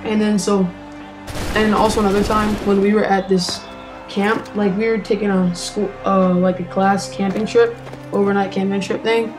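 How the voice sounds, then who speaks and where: A woman tells a story in a chatty, rambling way, with lots of "um" and "like" fillers. Her voice sits at a middle pitch, with faint music underneath. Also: little pitch movement, moderate pace, rough recording. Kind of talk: casual storytelling vlog.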